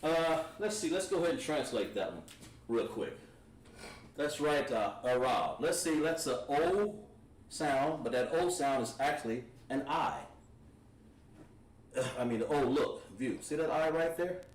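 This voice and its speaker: His voice sits on the high side and his pace is measured as he teaches an online language class. Writing on the whiteboard, he stays relaxed and breaks things down one step at a time. The distant mic picks up an echoey room.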